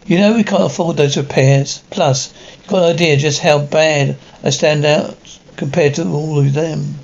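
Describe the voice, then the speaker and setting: A man's voice: a little high, steady tone, normal speed, vocal fry, a little mellow, highs cut off. A man voicing a frustrated teenage boy who talks sullenly and swears when angry. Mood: bitter.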